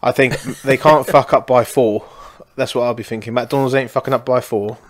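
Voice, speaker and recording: A man's voice: mid-range voice, fairly even intonation, brisk. A man co-hosting a casual advice podcast, sweary and rambling with lots of fillers. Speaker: podcast co-host.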